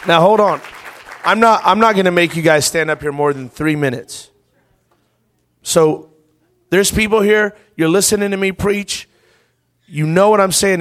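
Male revival preacher, high voice, fervent and loud at an altar call, faint congregation noise behind. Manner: impassioned, rising to loud preaching; uses y'all, ain't. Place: church service with congregation.

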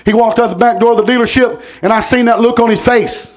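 A middle-aged man, preaching a sermon in a folksy storytelling manner, repeating words and rising to shouts. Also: very high voice, steady tone, fast.

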